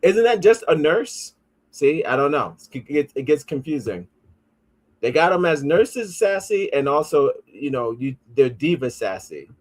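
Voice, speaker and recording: A man's voice: on the high side, sing-song, a little slow. A man hosting a podcast, riffing in a casual, profane way and reading comments aloud. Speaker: podcast host.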